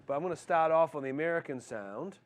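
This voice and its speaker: A man's voice: on the high side, lively intonation, fast. A middle-aged man casually demoing a guitar amp in a music store, explaining each setting between riffs. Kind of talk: casual product demo. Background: loud electric guitar playing.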